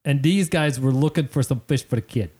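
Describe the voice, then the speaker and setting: Husky-voiced man telling shop stories. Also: mid-range voice, a little fast. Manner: animated storyteller, acts out customers in quotes. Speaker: aquarium shop owner and podcast host. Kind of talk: casual podcast chat, storytelling.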